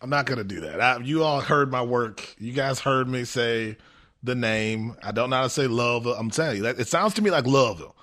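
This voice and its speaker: A man's voice: mid-range voice, brisk, a bit bright. A man from the American Midwest co-hosting a sports radio show, joking about himself in casual banter. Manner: self-deprecating, laughing it off.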